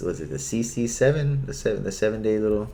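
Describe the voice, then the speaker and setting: A man's voice: on the low side, fast, vocal fry, a crowd in the background. A man hosting a casual chat, telling rambling stories and acting out the quoted lines of other people. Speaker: host.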